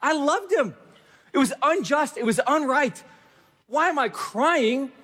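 A man's voice: extremely high pitch, lively intonation, a little slow, pushed and bright, pitched above the performer's own voice, exaggerated voice. A preacher voicing a grieving, distraught woman. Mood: anguished. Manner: pleading, breaking, repeated cries.

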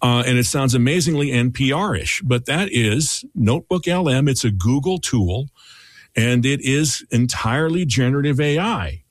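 A man's voice: mid-range voice, animated, normal speed, no echo, clean studio sound. Reflective male podcast host. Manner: reflective, thinking aloud. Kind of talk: casual podcast chat.

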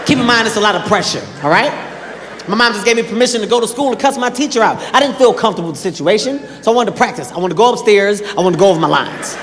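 Stand-up comic, man, high voice, animated, shouts at the peaks, long hall reverb, audible crowd noise. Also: very fast. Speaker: stand-up comedian. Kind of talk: stand-up storytelling. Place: comedy stage before a live audience.

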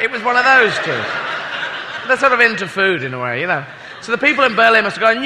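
A man's voice: high voice, lively intonation, brisk, long reverb tail, heavy background noise. A British man performing a rambling, self-mocking stand-up routine with plenty of swearing. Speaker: stand-up comedian.

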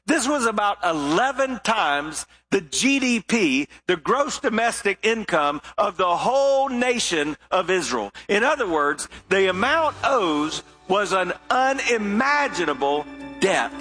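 A male pastor preaching with a high, bright, ringing voice. He tells the story with lively expression and now and then sinks into hushed, weighty emphasis. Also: measured pace, soft background music. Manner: expressive storytelling delivery with sudden drops to quiet emphasis. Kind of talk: sermon.

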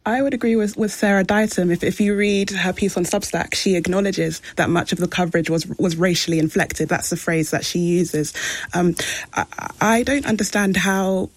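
A woman's voice: on the low side, moderate pace, dry recording, rough recording. A woman who is a journalist on a radio panel, making points and often repeating words as she builds them. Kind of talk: panel discussion.

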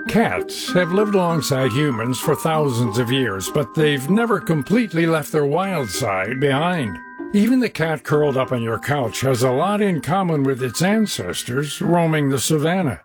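A man hosting, reading scripted narration in a measured, explanatory way. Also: on the high side, big pitch swings, music in the background. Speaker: host.

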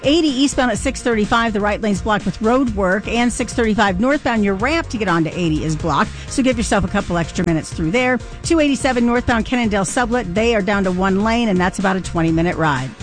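A woman giving a radio traffic report in a brisk, matter-of-fact way. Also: medium pitch, lively intonation, faint music behind.

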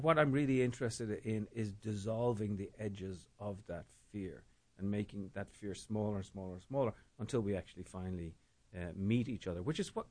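A man with a Dublin Irish accent, a guest in a reflective interview, talking haltingly with many fillers and repeated words. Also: lowish voice, darkish tone. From Ireland. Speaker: guest, storytelling organizer.

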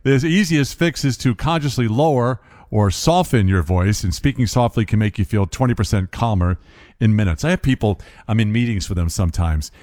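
A man's voice: fairly low pitch, brisk, darkish tone, dry recording. Guy hosting a radio talk show, playful and chatty, very dry close sound.

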